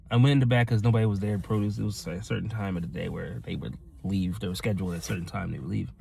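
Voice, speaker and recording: A man's voice: medium pitch, fairly even intonation, fairly quick, creaky. Earnest man giving a motivational talk. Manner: rambling, earnest, addresses "ladies and gentlemen"; acts out quoted voices in his stories. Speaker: motivational vlogger.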